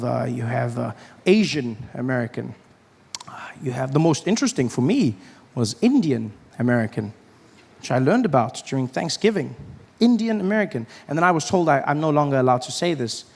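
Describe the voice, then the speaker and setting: A man with a South African accent performing stand-up comedy before a live audience, animated and acting out characters. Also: medium pitch, vocal fry. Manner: animated, acts out characters with shouting voices. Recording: stage mic with audience noise.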